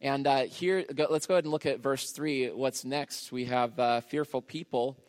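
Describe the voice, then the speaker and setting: A man's voice: medium pitch, steady tone, normal speed, long reverb tail. A man preaching a sermon in a casual, conversational way, with frequent fillers and restarts. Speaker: pastor.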